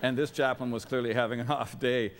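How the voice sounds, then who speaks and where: A middle-aged man delivers a sermon as a visiting chapel speaker in a large college chapel, poking wry fun at himself. He speaks a little fast in a steady, medium-pitched voice, and the recording carries some hiss or hum plus the chapel's long reverb.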